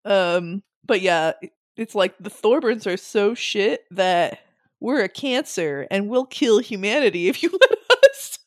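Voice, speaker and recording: A woman's voice: mid-range voice, a little slow. A woman in casual podcast chat who keeps breaking into laughter and voices the characters' lines as she retells them. The sound is dry and close, with no room echo around her voice. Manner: animated, laughs often, acts out characters' lines. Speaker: podcast co-host. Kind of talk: casual book discussion chat.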